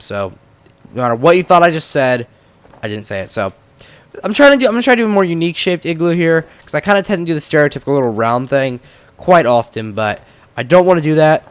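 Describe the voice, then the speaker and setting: A young man hosting casual gameplay commentary, talking in an excitable, rambling, jokey way and poking fun at himself, a little congested from a cold. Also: on the high side, clean tone, dry recording. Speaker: Minecraft let's-play host.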